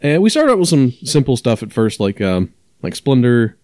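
A man's voice: mid-range voice, big pitch swings, moderate pace, a little mellow, no echo. A man co-hosting a podcast in casual chat, explaining things at length with many fillers and restarts. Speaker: podcast co-host.

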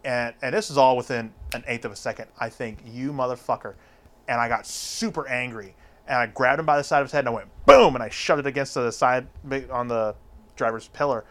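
A man of medium pitch talks at a quick pace, spinning a long story in casual conversation. He's an animated, rambling storyteller who swears freely along the way.

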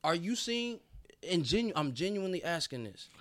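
A man co-hosting a casual podcast, earnest and deliberate, often restarting his sentences as he works through a point. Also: high-pitched, sing-song, no echo. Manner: earnest, restarts often, slow and emphatic at times. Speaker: podcast co-host.

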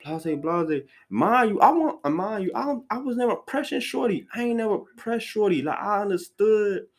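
Rambling, profane man with a higher voice. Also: animated, moderate pace. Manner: rambling and repetitive, with blunt profane slang; restarts sentences often, with lots of "like" fillers. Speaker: podcast host. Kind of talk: casual solo rant.

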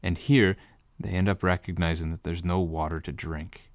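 Male Bible teacher with a very low voice and a dry sound. He explains step by step. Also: steady tone, moderate pace, no echo. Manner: explanatory, walks listeners through details step by step. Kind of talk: conversational Bible study teaching.

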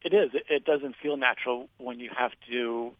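A man calls in to a radio show and talks hesitantly, with halting restarts. His mid-range voice comes through a thin, tinny phone line. It sounds dry, with no room around it. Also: mid-range voice, steady tone, dry recording. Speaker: caller. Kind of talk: casual chat.

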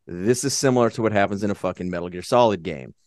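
A man co-hosting a podcast, chatting casually and profanely about movies in a rambling, animated way. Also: on the low side, fast, no room sound, studio quality. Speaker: podcast co-host.

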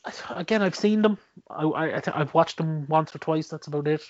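A man's voice: on the high side, a little fast, muffled recording. A man casually chatting about his favourite movies as a co-host. He laughs often, restarts his sentences and swears. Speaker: podcast co-host.

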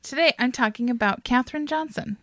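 A woman's voice: a little high, brisk, fairly bright tone, no echo, studio quality. A woman hosting a casual chat podcast, retelling a history story with frequent laughs and casual swearing.

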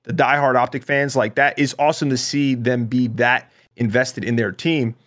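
A man co-hosts a casual esports podcast and rambles through his points, restarting sentences and swearing as he gets worked up. His voice sits at an ordinary middle pitch. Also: level tone, normal speed, a bit bright. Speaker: podcast co-host.

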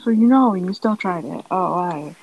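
A woman's voice: on the low side, lively intonation, normal speed, gravelly, darkish tone, muffled recording. A woman co-hosting a casual podcast, chatting in a laid-back, profane way. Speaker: podcast co-host. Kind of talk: casual chat.

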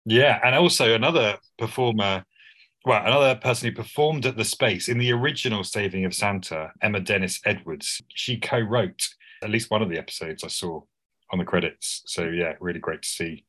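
Male podcast co-host, deep voice, chatty and enthusiastic. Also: brisk, sharp tone. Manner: enthusiastic, rambling with restarts. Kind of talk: casual chat.

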